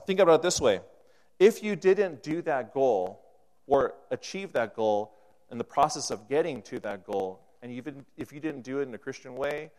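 A man's voice: mid-range voice, darkish tone. A man preaching a sermon to his congregation, acting out the voices in a story as he goes. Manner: acts out dialogue in an anecdote, voice rising and falling. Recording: long hall reverb.

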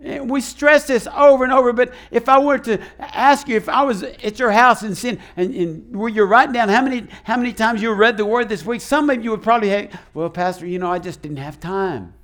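A man preaching a sermon as pastor, animated and acting out the voices he quotes. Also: very high-pitched, brisk, few pauses.

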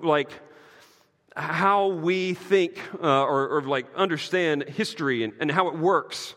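A man preaches in an animated, emphatic way, dropping to near-quiet and then surging louder. His voice is fairly high and bright, full of casual "like" asides. A long reverb tail hangs on every phrase. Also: unhurried. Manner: emphatic, swings from quiet to loud. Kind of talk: sermon.

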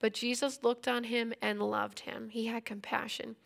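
A woman's voice: a little high, level tone, normal speed, creaky, fairly bright tone. A woman in her thirties teaching a Bible passage in a casual, conversational way. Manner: conversational, retells scripture in everyday speech.

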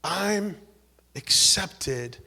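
A man preaching a sermon, swinging between loud exhortation and hushed, whispered prayer, acting out the voices he quotes. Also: high voice, expressive, very slow. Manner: acts out quoted voices, repeats words and restarts.

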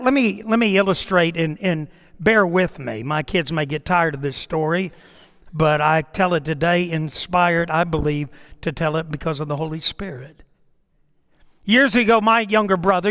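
Middle-aged preacher man, fairly high voice, big dramatic storytelling, church hall echo. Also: a bit bright. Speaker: pastor. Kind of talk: sermon storytelling.

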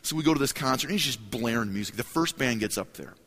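A man preaching a sermon as a story, animated and acting out voices and cheers in a large church hall. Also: medium pitch, fast talker. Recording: hall reverb, live sermon.

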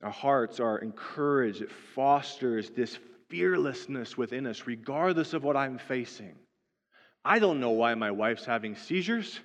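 A man's voice: mid-range voice, lively intonation, a little slow. A male pastor preaching a sermon in a conversational way, often checking in with "right?". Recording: dull lo-fi sound with long hall reverb.

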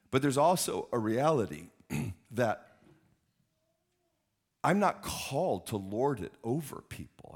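A man's voice: fairly low pitch, husky. A man in his fifties, a pastor preaching a sermon, emphatic and repeating words for stress.

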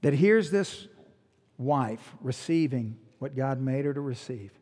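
A man preaching a sermon, animated, with rhetorical questions and joking asides to the congregation. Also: medium pitch, unhurried, in a large hall. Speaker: pastor.

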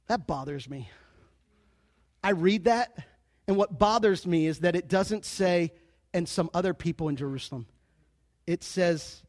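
High-pitched, lively preaching man. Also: a little slow, long pauses, no room sound. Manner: lively, joking preacher with sudden drops to a quiet aside. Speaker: pastor. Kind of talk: sermon.

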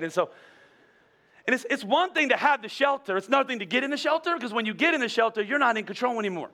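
Male pastor, high bright voice, lively storytelling sermon. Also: fast talker. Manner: animated storytelling with many restarts.

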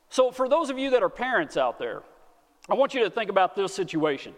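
A man's voice: sits high, big pitch swings, a little fast. A man with a Texan accent preaching a sermon in a folksy, earnest way, often repeating words as he speaks. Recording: long hall reverb.

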